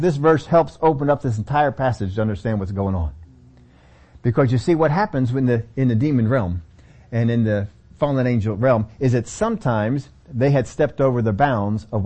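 A man's voice: medium pitch, warm tone. A man teaching a Bible study sermon in a conversational way, often repeating key phrases.

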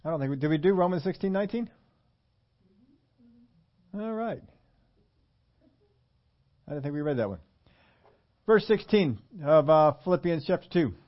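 A man preaching an animated sermon and asking his congregation questions. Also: a little high, moderate pace, long pauses, highs cut off. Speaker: pastor.

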